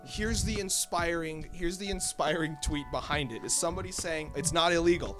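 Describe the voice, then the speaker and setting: A man with a fairly high voice hosting a goofy podcast, reading posts aloud in a playful deadpan. Music plays faintly behind him. It is loose, joking banter among friends. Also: moderate pace. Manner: joking, reads out posts with mock emphasis. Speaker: podcast co-host. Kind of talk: casual chat.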